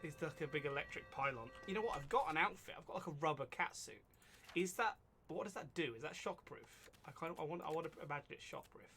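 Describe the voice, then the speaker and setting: A man's voice: a little high, animated, fast, pushed and bright. Giggly male streamer over game music. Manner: giggly, rambling commentary on his own play. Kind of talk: casual live-stream chat.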